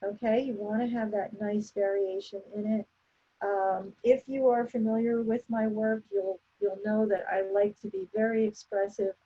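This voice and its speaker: A woman demonstrating an oil painting and explaining each step as she works, in a relaxed, instructive way. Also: mid-range voice, normal speed, husky, lo-fi sound. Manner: relaxed, instructive, thinking aloud while painting. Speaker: painting teacher.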